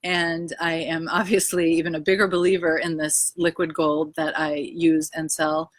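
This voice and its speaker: A woman's voice: low-pitched, little pitch movement, moderate pace, noisy background. A woman speaking casually into her phone in her backyard, telling a personal story, emotional and rambling, with many "ums" and "anyways.". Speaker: vlogger sharing a personal health story. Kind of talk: casual live video chat. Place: backyard outdoors.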